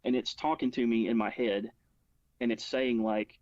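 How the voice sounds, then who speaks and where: A man's voice: mid-range voice, fairly even intonation, normal speed, a little mellow, dry recording, highs cut off. A man talking as a guest, telling a personal story in a rambling way, full of "like" and restarts. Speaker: guest recounting a personal experience. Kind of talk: casual spoken storytelling.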